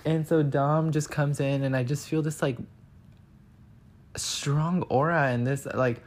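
A young man chatting casually in a vlog, telling a story with lots of filler words and acting out quotes in a higher voice. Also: steady tone, a little slow. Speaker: vlogger.

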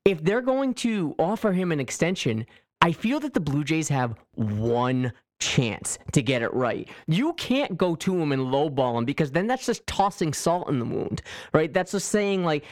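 Man, sports podcast co-host: lively swooping pitch, dry close sound, mocking put-on quotes, casual swearing. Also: moderate pace, no echo. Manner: animated, acts out quotes in a mocking voice, swears freely.

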